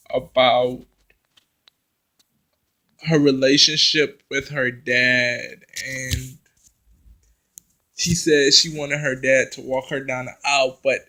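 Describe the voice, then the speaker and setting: A man casually recapping a reality TV episode, talking straight to his viewers and tripping over his words when he gets excited. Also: medium pitch, rough recording. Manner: chatty, addresses viewers directly, restarts and stumbles when excited.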